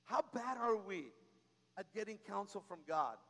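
High bright preacher man in echoing church. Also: big pitch swings, measured pace. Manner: preaching with call-and-response exhortation. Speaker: pastor. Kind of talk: sermon. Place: church sanctuary. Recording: long reverb of a large hall.

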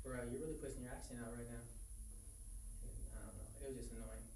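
A man's voice: mid-range voice, fairly even intonation, fast, far from the mic. A laid-back man from Los Angeles tells a story in blunt, casual chat. He sits back from the mic in a roomy space. A faint hiss runs under his voice.

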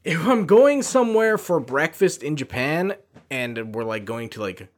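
Male co-host from the West, animated pitch, blunt profane anecdotes. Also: unhurried. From Western country. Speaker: podcast co-host. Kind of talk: casual chat.

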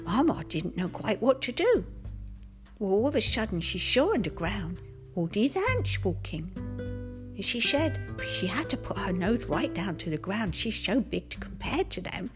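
A woman's voice: medium pitch, sing-song, moderate pace, music in the background, lightly acted. A woman voicing a cheerful little boy unicorn who tells a children's story in a playful, sing-song way. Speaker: host.

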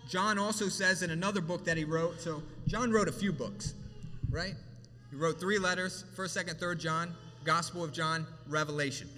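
A man preaching a sermon from a church platform, with emphatic rises and hushed drops in his delivery. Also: on the high side, moderate pace, big-room sound. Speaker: pastor.

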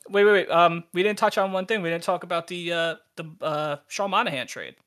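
A young man co-hosting a podcast, telling stories in a casual, animated, swearing manner and laughing as he goes. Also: high-pitched, a little fast, clean tone. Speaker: podcast co-host. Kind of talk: casual profane storytelling.

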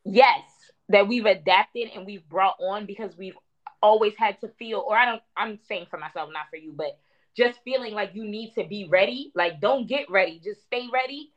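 A woman co-hosting a podcast in casual chat, speaking in a reflective, measured way that thinks aloud. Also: medium pitch, dull audio. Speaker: podcast co-host. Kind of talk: casual chat and reading a sponsor note.

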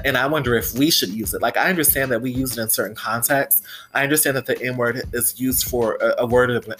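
A woman's voice: very deep voice, a bit bright. A woman hosting a solo podcast, talking candidly and with plenty of swearing, often saying "you know" and "right?". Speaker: podcast host.

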